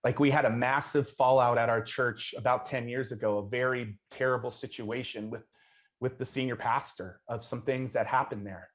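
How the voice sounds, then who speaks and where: A man of middle pitch hosts an interview. He talks casually and earnestly and keeps restarting his phrases as he goes. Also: fairly even intonation, normal speed. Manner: earnest, loose with frequent restarts. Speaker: host.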